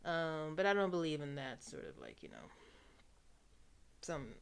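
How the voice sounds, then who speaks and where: Low-voiced chatty woman vlogger. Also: wildly swooping pitch, measured pace, vocal fry, pauses often, slight background noise. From New York. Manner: chatty, wry, drifts into soft asides and playful put-on voices. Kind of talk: casual monologue to camera.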